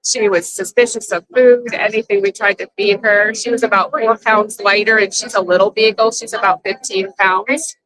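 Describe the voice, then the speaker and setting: Local woman at a protest, earnest and pleading, some halting fillers. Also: medium pitch, fairly even intonation, fairly bright tone, poor audio. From Wisconsin, USA. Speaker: local resident speaking at a press conference. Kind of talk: impassioned public statement. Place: outdoor protest at a state capitol.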